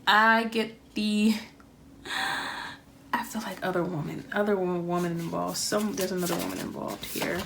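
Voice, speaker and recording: A woman giving a casual tarot reading, rambling and thinking aloud with frequent pauses and ums. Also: on the low side, steady tone, creaky, a bit bright, slight background noise. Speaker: tarot reader.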